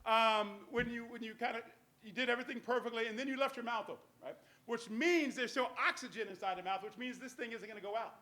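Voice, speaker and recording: A man with a very high, sharp voice works as a stage magician at a live cafe venue with an audience, guiding volunteers through a trick step by step with coaxing commands and jokes. He talks quickly, and the sound is roomy.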